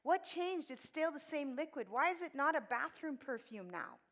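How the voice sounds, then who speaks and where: A middle-aged woman speaking from a church stage as a guest speaker. Her voice sits a little high, and she tells a personal story with animated energy, laughing and acting out the lines of others. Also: normal speed, poor audio.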